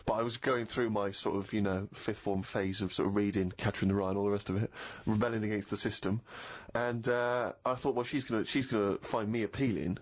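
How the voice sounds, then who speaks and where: A man's voice: lowish voice, steady tone, fairly quick, hardly any pauses. A middle-aged man co-hosting a casual podcast, explaining ideas at length and telling self-mocking stories. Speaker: podcast co-host. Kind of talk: casual chat. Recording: slightly dull podcast audio.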